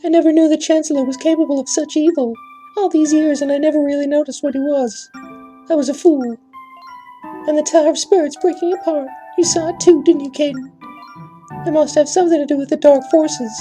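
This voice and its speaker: A man doing a young ghost princess in a soaring, airy falsetto that pleads earnestly for help. The voice sits far above his own dark, mellow tone, with faint music behind it. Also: steady tone, brisk. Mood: earnest pleading.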